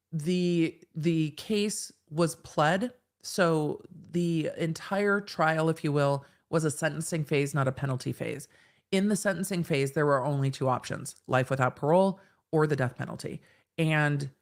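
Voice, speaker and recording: A woman in her forties, a lawyer hosting a livestream, reading viewer comments and explaining legal points casually, with many restarts. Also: sits low. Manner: chatty, thinks aloud with restarts and explanations. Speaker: host, lawyer.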